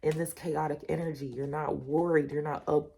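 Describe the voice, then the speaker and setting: A woman with a dark, husky voice gives a casual tarot reading, speaking straight to her listeners. She repeats her points with emphatic reassurance and calls them y'all. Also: low-pitched, fairly even intonation, normal speed. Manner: direct, repetitive, addresses the listener as you and y'all. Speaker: tarot reader.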